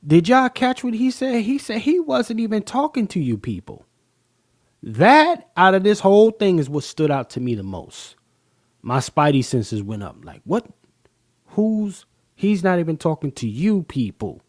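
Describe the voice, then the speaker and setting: Man, live-stream host, casual and profane, lively swinging pitch, dry close sound. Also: measured pace, no echo. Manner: animated and profane, addressing viewers directly.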